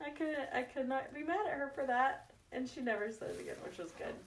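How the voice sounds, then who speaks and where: A woman's voice: high voice, fairly quick, slight background noise. A woman talks to her viewers during a live craft session. She is chatty and affectionate, telling family stories and laughing through them. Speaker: craft livestream host. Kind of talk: casual craft livestream chat.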